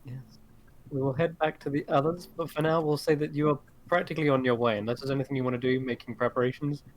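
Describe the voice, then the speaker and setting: A man narrating a tabletop role-playing game as game master, relaxed and chuckling often. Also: mid-range voice, fast. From Britain.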